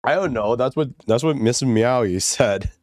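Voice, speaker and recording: A man's voice: mid-range voice, moderate pace, darkish tone, no echo, studio quality. A male streamer chatting casually while gaming, giggling often and rambling with lots of fillers. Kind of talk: casual livestream chat.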